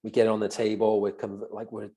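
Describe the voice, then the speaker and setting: A man's voice: on the low side, monotone, a little fast, mellow. A Welsh man co-hosting a podcast, chatting loosely with lots of fillers. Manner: rambling, frequent "do you know what I mean". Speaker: podcast co-host. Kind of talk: casual podcast chat.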